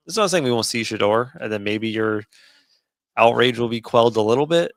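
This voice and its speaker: A man's voice: mid-range voice, animated, fairly quick, dry recording. Teasing man co-hosting a sports podcast. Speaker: podcast co-host. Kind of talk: casual sports chat.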